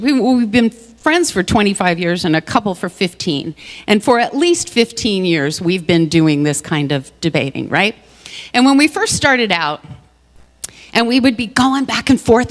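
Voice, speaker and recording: Woman speaker at a church service, lively storyteller who laughs at herself, voice ringing in a big reverberant hall. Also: medium pitch. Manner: animated, laughing, self-mocking storytelling. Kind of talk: storytelling sermon. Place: large hall. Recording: long reverb of a large hall.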